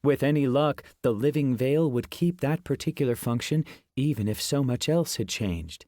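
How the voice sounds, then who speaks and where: Male audiobook narrator, first-person fantasy read, steady even delivery, mid pitch, dry close recording. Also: normal speed, no room sound.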